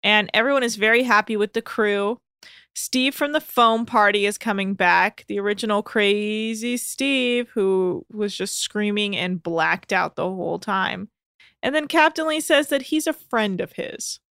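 A woman recaps episodes on a podcast in a dry, matter-of-fact way. Her voice is bright and forward, and the close mic adds no room sound. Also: mid-range voice, unhurried, clean tone, no room sound. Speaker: podcast co-host recapping a reality show. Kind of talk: casual recap chat.

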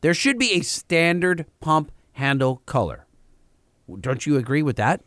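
A man's voice: a little high, animated, measured pace, fairly bright tone, no room sound, clean studio sound. A man cohosting a podcast, rambling through a story and arguing his point casually. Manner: rambling, argumentative. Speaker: podcast co-host. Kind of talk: casual chat.

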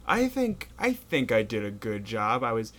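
An American man chatting casually on a podcast, filling his stories with "like" and quick asides. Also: fairly low pitch, huge pitch swings, fairly bright tone. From United States. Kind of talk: casual chat.

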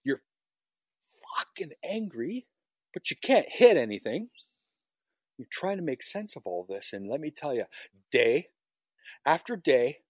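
Guy on a podcast talking raw about his past, lots of cussing, pitch all over the place. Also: big pitch swings, measured pace, long pauses, dry recording. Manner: raw, profane, emotional storytelling. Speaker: firefighter guest. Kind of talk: personal story on a podcast.

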